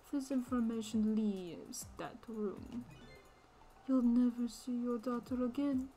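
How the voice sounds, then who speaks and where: A woman's voice: a little high, faint music behind. A woman voicing a menacing female caller in a Russian accent, in whispered role-play. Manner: hushed, slow, threatening.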